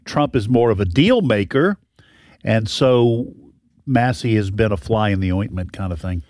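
Male talk radio co-host, thoughtful and halting, dry studio sound. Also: on the low side, expressive, a little mellow, dry recording. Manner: thoughtful, hesitant, restarts phrases. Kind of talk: political talk radio discussion.

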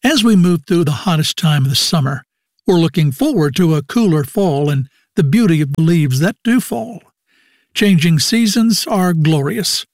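Male announcer, higher pitch, measured scripted read, dry booth sound. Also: lively intonation, a little mellow, no room sound. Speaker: radio program announcer.

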